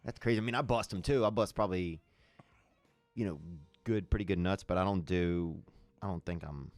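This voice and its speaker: Very deep-voiced man bantering loosely. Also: brisk, darkish tone, no echo, faint music behind. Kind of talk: casual comedic chat.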